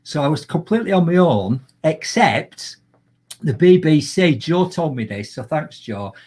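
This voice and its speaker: A man with a Yorkshire accent, chatting as a guest in a live video call and telling lively, animated anecdotes. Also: on the high side, unhurried, husky. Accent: Yorkshire English. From Yorkshire, England. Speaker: guest, motivational speaker. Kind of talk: casual storytelling in a live video chat.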